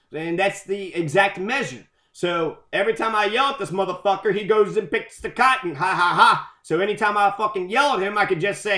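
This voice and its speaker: A man with a high voice tears through a loose, excitable rant, cursing in nearly every line. His voice rings in an echoey room. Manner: heavy swearing, loose and excitable. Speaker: commentator on quotes. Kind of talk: profane rambling rant.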